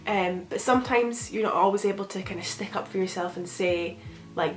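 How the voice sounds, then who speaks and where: A young woman talking gently and reflectively to camera, giving casual advice with a rambling, filler-filled manner. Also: on the low side, steady tone, normal speed. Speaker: vlogger. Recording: echoey room with faint music.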